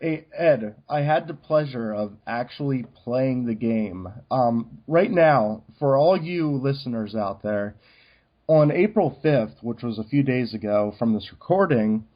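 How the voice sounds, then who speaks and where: A man's voice: medium pitch, expressive, measured pace. Chatty man with a dull lo-fi sound. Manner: chatty, many fillers like "um" and "you know". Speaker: podcast co-host. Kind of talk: casual chat. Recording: dull lo-fi recording.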